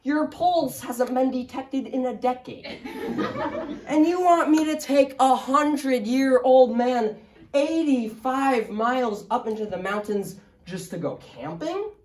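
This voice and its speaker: A man reading a humorous story aloud in a dry, wry, deadpan manner. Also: very high voice, slow. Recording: roomy, distant mic.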